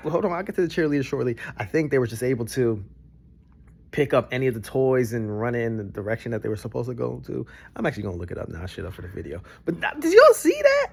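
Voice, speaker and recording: A young adult man, giving casual reaction commentary that swings from low grumbles to excited bursts. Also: gravelly, husky. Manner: animated, jumps between low grumbles and high excited bursts. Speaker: vlogger reacting to a broadcast.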